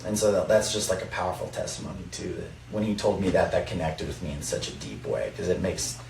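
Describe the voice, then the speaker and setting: Young man, very low voice, earnest testimony, roomy distant sound. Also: fast talker, creaky, darkish tone. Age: young adult. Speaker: college basketball player. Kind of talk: faith-focused podcast chat. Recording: roomy, distant mic, faint noise.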